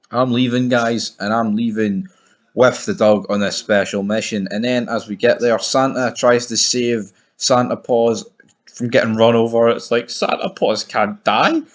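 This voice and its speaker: Scottish man, young, film reviewer, sweary, animated, mock-macho, lowish voice. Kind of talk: casual movie review rant.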